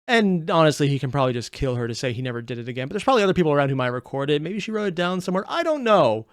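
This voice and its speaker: A man hosting a reaction channel, rambling casually and thinking out loud as he comments. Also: a little high, big pitch swings, rapid-fire, dry recording, studio quality. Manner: rambling, thinks aloud with restarts.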